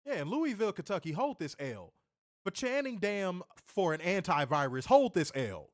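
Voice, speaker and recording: A man's voice: sits high, sing-song, moderate pace, dry recording, clean studio sound. A man co-hosting a wrestling review show, ranting in an exasperated, profane, mocking way. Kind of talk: ranting casual review chat.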